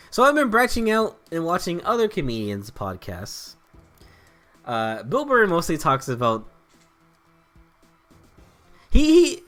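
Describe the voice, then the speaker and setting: A man's voice: medium pitch, fairly bright tone. A man giving casual commentary while playing a video game, rambling, joking, swearing and laughing often. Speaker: let's play host.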